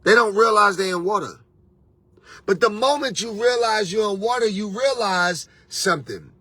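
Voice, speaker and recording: A man's voice: high-pitched, normal speed, sharp tone, breathy edge, dry recording. A man hosting a motivational monologue, preachy and repetitive, with casual slang. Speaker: motivational host and life coach.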